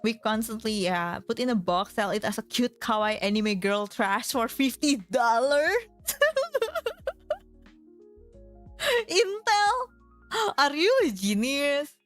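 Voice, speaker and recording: A woman's voice: on the high side, animated, a little slow, faint music behind. A woman streamer in casual chat, giggling often and filling her talk with fillers.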